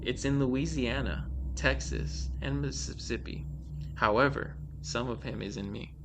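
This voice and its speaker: A man hosting a podcast, chatting casually and reading short horror stories in a slow, dramatic way. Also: mid-range voice, background noise. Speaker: podcast host.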